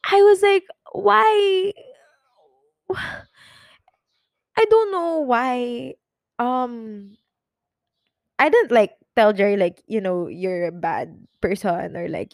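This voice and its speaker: A woman's voice: a little high, creaky, a little mellow, no room sound, clean studio sound. A young woman hosting her own podcast, talking in an emotional, rambling way, tearful at times. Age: young adult. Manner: emotional, rambling, with many restarts and fillers. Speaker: podcast host. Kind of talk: personal confessional chat.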